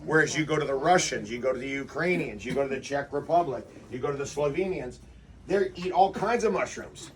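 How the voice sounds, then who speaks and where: A man's voice: medium pitch, expressive, brisk, recorded from a distance. A man leading an outdoor workshop, talking animatedly and acting out quotes with rhetorical questions. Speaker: workshop leader. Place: outdoors before a forest walk.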